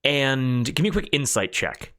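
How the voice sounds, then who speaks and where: A man's voice: mid-range voice, sing-song, moderate pace, a bit bright, clean tone. Rambling man running a tabletop game. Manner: rambling, many fillers and restarts. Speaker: game master.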